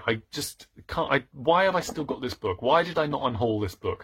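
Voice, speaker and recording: Husky, animated man in his thirties. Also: mid-range voice, moderate pace. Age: 30s. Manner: playful, theatrical, self-mocking. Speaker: book vlogger. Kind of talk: casual chat about books.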